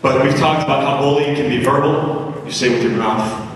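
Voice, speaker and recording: Energetic man speaking in an echoey hall. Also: medium pitch, moderate pace. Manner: energetic, animated, acts out the voices in his stories. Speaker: motivational school speaker. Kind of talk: comic storytelling to students. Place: middle school assembly hall. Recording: echoey school hall from far off.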